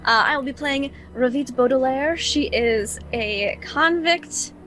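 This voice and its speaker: A woman introducing herself as a tabletop player, chatty and excited. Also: sits high, measured pace, slight background noise. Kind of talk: casual chat.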